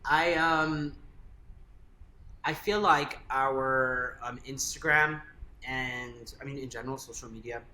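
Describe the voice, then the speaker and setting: A man's voice: medium pitch, steady tone, slow pace, sharp tone. A young adult man telling a personal story in casual chat, filling his speech with "like". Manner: chatty, many fillers like "like". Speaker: guest. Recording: echoey room, faint ambient noise.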